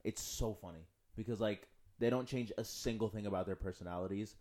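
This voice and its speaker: A man's voice: lowish voice, a little fast, darkish tone. A man co-hosting a podcast in casual chat, talking enthusiastically with lots of filler words. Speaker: podcast co-host.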